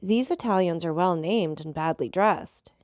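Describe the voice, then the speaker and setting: A man's voice: high voice, unhurried, a little mellow, no room sound, studio quality. A woman voicing a haughty young male aristocrat with sniffy remarks. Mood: sneering.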